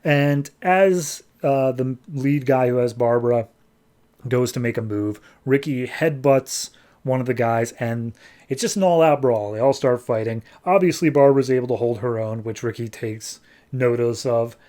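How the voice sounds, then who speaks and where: A man's voice: mid-range voice, normal speed, mellow. A man hosting a podcast, chattily recapping a comic book story with lots of filler words. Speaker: podcast host.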